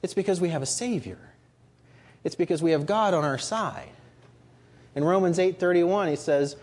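Male preacher, husky tone, animated delivery, earnest and emphatic. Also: high voice. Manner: earnest, rising to emphatic rhetorical questions. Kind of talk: sermon.

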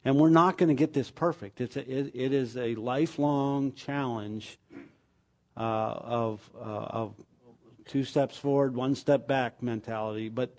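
A man leading a small church group, giving announcements and talking things over in a halting way, with lots of fillers and restarts. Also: mid-range voice, darkish tone. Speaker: pastor.

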